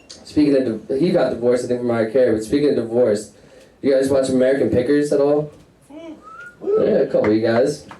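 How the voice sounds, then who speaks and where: A man's voice: mid-range voice, mellow. A man doing a crude, rambling stand-up set on stage before a live audience, laughing at his own jokes. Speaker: stand-up comedian. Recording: roomy sound, mic at a distance.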